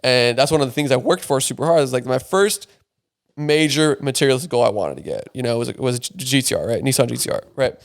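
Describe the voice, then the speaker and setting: This young podcast guest has an expressive, creaky mid-range voice. Chatting casually, he rattles off a story fast, full of profanity and heavy on fillers.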